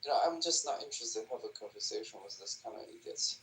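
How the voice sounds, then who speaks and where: A man's voice: lowish voice, animated, fast, a bit bright, a little hiss or hum. A man in a voice-chat argument, dismissive and trying to shut it down. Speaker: participant in a live voice chat.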